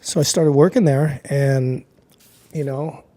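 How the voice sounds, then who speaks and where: A man's voice: a little high, fairly even intonation, slow pace, warm tone. A man in his sixties, originally from Hawaii, telling a story as an interview guest in a laid-back, rambling way, full of "like," and acting out other people's lines. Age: 60s. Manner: laid-back, rambling, heavy use of filler "like"; acts out other people's lines in raised voices. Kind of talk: casual storytelling.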